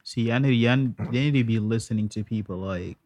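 A man's voice: lowish voice, a little fast, a little mellow, no echo. A man co-hosting a podcast, telling stories loosely in casual chat. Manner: loose storytelling with frequent laughs. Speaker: podcast co-host.

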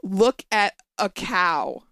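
Female co-host, blunt and profane, expressive pitch, dry sound. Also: very slow, no echo. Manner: blunt, profane, laughs often. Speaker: podcast co-host. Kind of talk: casual comedic news chat.

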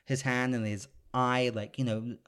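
A man hosting an audio podcast, retelling a story in a rambling, animated way with lots of fillers. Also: mid-range voice, measured pace, clean tone. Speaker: podcast host. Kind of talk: casual podcast chat.

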